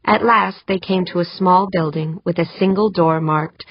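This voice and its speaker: Brief: steady woman audiobook narrator, lower voice, close dry muffled sound. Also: normal speed, slightly rough, no room sound. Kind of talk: scripted narration.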